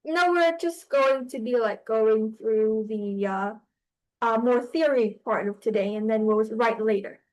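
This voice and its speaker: A young woman teaches a writing lesson in a slightly high voice. She talks at an unhurried pace, stopping often to search for the next word and correct herself. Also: rough recording. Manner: explaining slowly with many fillers and restarts. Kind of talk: online class lecture.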